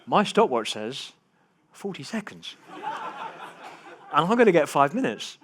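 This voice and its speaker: Animated man telling stories on stage. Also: fairly high pitch, unhurried. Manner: animated storyteller, swings from hushed to loud. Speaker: keynote speaker. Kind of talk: motivational keynote storytelling. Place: conference stage before a live audience.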